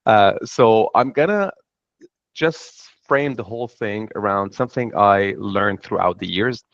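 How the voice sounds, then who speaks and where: Man, Lebanese accent, middle-aged, earnest panelist, lower pitch, muffled dry audio. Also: a little slow, vocal fry, no echo. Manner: earnest, reflective storytelling. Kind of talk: panel talk. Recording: dull dry sound.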